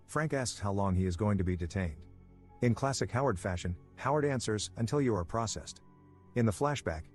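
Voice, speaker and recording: Male narrator, lowish voice, wry delivery for scripted movie recaps over faint background music. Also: a little mellow. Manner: dry, wry asides.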